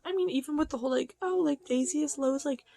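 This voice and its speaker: This young adult book vlogger chats casually about her reading in a high, gravelly voice, talking fast and leaning heavily on fillers. She's excitable, swinging between hushed musing and loud, excited bursts. The audio is close and dry with no room sound at all.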